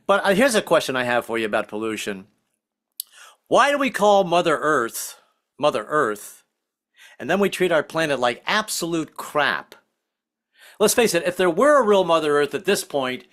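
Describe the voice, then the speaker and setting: Casting: lively male stand-up comic, bright and animated, quick to act out voices. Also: on the high side. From Southern United States family. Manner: animated, acts out voices, self-deprecating. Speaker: stand-up comedian. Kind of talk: stand-up comedy set. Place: online virtual comedy show.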